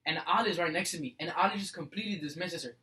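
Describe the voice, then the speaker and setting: A young man co-hosting a casual podcast, telling animated school stories full of "like" and "bro.". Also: on the high side, fast, poor audio. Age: young adult. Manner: animated storyteller, fills with "like" and "bro". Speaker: podcast co-host. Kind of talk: casual chat.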